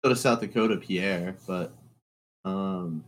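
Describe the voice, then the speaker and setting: A man with a somewhat low voice in casual podcast chat. He thinks aloud through his guesses and swears when he misses. He sounds relaxed and conversational. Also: slow. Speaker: podcast co-host.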